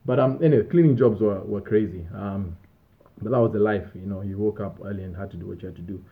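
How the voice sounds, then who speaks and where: Guy rambling thru old stories and laughing, kinda low voice, sounds like a phone line. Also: quick pace. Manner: laughing, rambling, self-amused. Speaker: vlogger. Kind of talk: casual storytelling. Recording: tinny phone-like audio.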